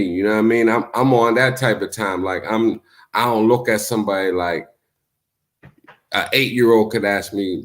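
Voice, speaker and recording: A man's voice: lowish voice, moderate pace. A man hosting his own channel, talking casually to the camera in a laid-back way and often tagging on "you know what I mean.". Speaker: YouTube show host.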